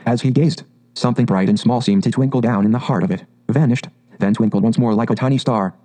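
A man reading a storybook aloud in a calm, measured, expressive way. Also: medium pitch. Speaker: audiobook narrator. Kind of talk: scripted storybook narration.

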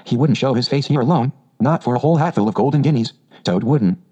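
A man voicing a kind, practical male water rat, reading his lines in a steady, matter-of-fact way. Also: mid-range voice, fast, husky, natural voice. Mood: amused.

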